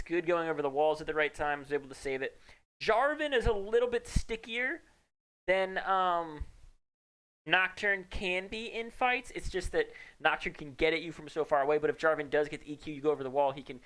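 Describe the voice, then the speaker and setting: A man's voice: fairly high pitch, a bit bright. A man casting an esports match, joking, teasing his co-caster and bragging in playful color commentary.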